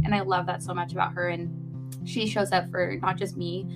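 A woman's voice: on the low side, level tone, fairly quick, over loud music. A young adult woman co-hosting a podcast in casual chat, effusive and heartfelt, with lots of fillers. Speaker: podcast co-host.

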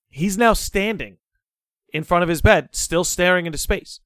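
A young man guesting on a podcast tells a story in a casual, animated, dramatic way, swearing freely. His voice sits on the high side and is smooth, at normal speed, with no echo.

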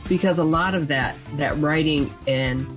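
A woman guest writer in casual podcast chat, animated and laughing as she talks. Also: low voice, moderate pace. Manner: animated, laughs while talking. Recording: dull lo-fi audio with faint music.

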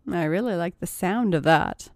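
A woman's voice: on the low side, expressive, normal speed, dry recording, clean studio sound. A woman voicing a bossy young woman who teases and commands her partner. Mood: teasing. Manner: teasing, commanding. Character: bossy young woman, teasing dominant mistress.

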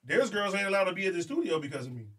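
A man's voice: sits high, sing-song, rapid-fire, crowd noise. A man talking as a podcast guest in casual, boastful and teasing chat.

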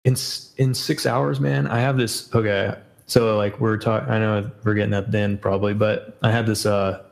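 A man's voice: fairly low pitch, flat delivery, moderate pace, gravelly, low-quality recording. A man as a podcast guest in casual chat, rambling with many fillers and self-corrections.

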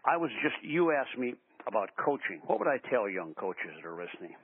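An older man, a basketball coach, tells animated stories in a radio interview, acting out the quotes. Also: mid-range voice, fairly quick, husky, dry recording. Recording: tinny phone-line sound.

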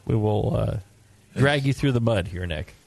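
A man's voice: fairly low pitch, lively intonation, normal speed, gravelly, darkish tone, no echo. A man hosting a casual beer talk show, joking and teasing his guests. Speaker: podcast host.

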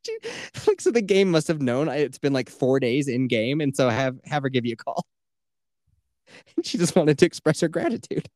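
A man's voice: fairly high pitch, animated, moderate pace, darkish tone, no echo, clean studio sound. A man hosting a podcast, telling a long rambling story in casual chat, swearing freely and leaning on filler words. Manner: rambling and profane, full of "like" fillers. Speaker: podcast host.

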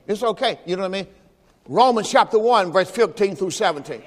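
A man's voice: sits high, animated, a little fast, long reverb tail, slight background noise. A man preaching a Sunday sermon as pastor, in a folksy style that mixes scripture quotes with rhetorical questions. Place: church during Sunday service.

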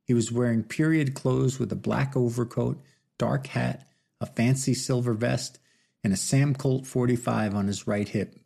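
Man, audiobook narration, measured, gravelly, husky, dark tone. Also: mid-range voice. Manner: steady, measured storytelling. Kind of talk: scripted narration.

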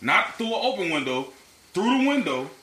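A man's voice: high voice, normal speed. A man on a casual podcast, telling stories with lots of swearing and acted-out quotes. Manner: animated, profane storytelling with acted-out quotes. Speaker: podcast co-host. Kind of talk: casual storytelling chat. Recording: roomy echo, faint background noise.

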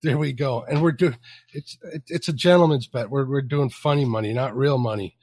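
A man's voice: mid-range voice, fairly quick, a little mellow, breathy edge, no room sound, studio quality. A man hosting a casual podcast livestream, who stumbles over his words and restarts while reading out viewer comments. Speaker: podcast host.

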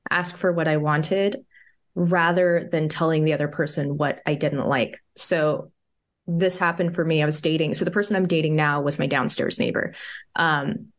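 Low-voiced woman therapist, chatty and rambling. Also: steady tone, normal speed. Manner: chatty storytelling, full of "like" fillers. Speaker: psychotherapist and coach, podcast guest. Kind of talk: casual interview chat.

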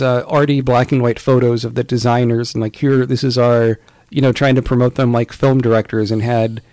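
A man with a gravelly, creaky voice talks through a relaxed podcast chat, wandering from point to point with plenty of "um"s and restarts. He sits at a middle pitch, and the sound is close and dry with no room around it. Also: dry recording. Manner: rambling, with many fillers and restarts. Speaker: podcast co-host. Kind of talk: casual chat about retro video games.

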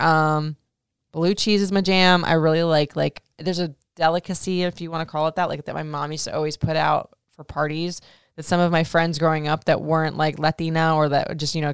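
A woman's voice: sits low, creaky, smooth, no room sound. A woman in her thirties hosting a casual podcast, answering listener questions in a frank, profane way, full of "like," sounding emotional and close to tears. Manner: frank, profane, heavy use of "like".

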